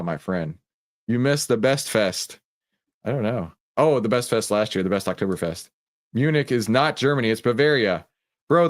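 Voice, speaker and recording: A man with a Texan accent hosting a live stream, chatting casually and joking as he greets viewers by name. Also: medium pitch. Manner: laid-back, jokey, greeting chat viewers by name. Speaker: livestream host.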